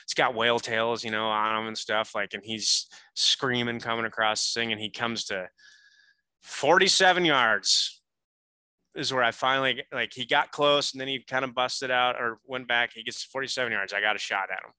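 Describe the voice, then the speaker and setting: A man telling a hunting story as a podcast guest, animated and full of casual fillers. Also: mid-range voice, normal speed, smooth, dry recording, poor audio.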